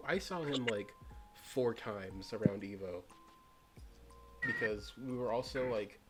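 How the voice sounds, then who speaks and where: Low-voiced young man rambling casually. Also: slow pace, loud music behind the voice. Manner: rambling storyteller, many fillers. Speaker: podcast co-host. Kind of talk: casual chat among friends.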